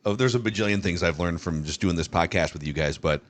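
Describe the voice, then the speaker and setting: Low-voiced man asking follow-up questions. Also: quick pace. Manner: curious, asks follow-up questions, often repeats words. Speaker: podcast co-host. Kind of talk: casual podcast chat.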